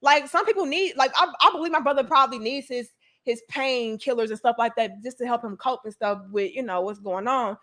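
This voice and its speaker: A woman's voice: a little high, a little fast, fairly bright tone. A woman hosting a casual livestream chat, talking emphatically with slang and frequent swearing. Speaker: livestream host.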